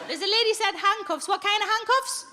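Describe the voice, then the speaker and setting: Woman comic, crowd work in a big theatre, high pitch, loud audience noise behind. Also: brisk. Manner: blunt, sweary, chatty crowd work. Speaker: stand-up comedian. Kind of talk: live stand-up with audience banter. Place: large theatre on stage. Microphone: handheld stage microphone. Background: audience laughter.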